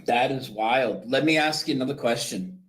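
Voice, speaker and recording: A man's voice: mid-range voice, normal speed, a bit bright. A man hosting an interview, reacting briefly and asking his guest questions. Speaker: host.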